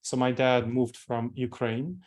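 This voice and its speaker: A man's voice: mid-range voice, fairly even intonation, measured pace, darkish tone. A man in his forties with a Moldovan accent, giving a training talk to company staff and explaining things step by step, repeating key terms for emphasis. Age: 40s. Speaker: corporate trainer.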